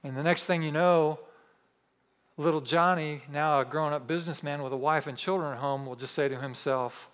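A man's voice: fairly high pitch, steady tone, normal speed, a bit bright, clean tone. A man preaching a sermon as pastor to his congregation, emphatic and repeating key lines with humorous asides. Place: church hall with audience. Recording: long church-hall reverb.

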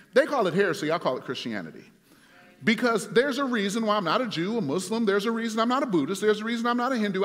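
A man's voice: high-pitched, fairly bright tone. A man preaching a sermon as pastor, emphatic and building through repeated refrains, with speech, in a church sanctuary. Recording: reverberant sanctuary.

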